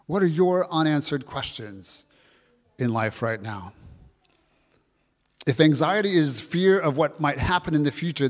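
A man's voice: mid-range voice, big-room sound. A man preaching a sermon, earnest and reflective, asking his listeners questions and reading scripture aloud. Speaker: pastor.

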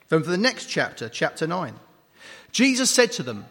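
A man's voice: on the high side, very animated, fairly quick, bright, forceful tone, breathy edge. A man preaching an Easter sermon to a congregation, joking and quizzing the people in the pews. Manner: jokey, bantering with the congregation. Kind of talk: lively Easter sermon with audience questions. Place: large church hall. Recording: long reverb of a large hall.

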